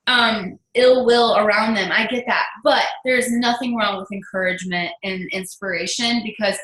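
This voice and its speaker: A woman's voice: fairly high pitch, a bit bright, echoey room, poor audio. Emphatic woman leading a video call. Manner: emphatic, preachy. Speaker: team leader. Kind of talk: motivational talk on a video call.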